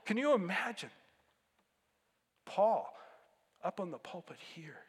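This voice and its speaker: A man's voice: sits high, very animated, takes it slowly, pauses often, slightly rough, big-room sound. A man pastor giving a conversational sermon, breaking into sudden emphatic bursts.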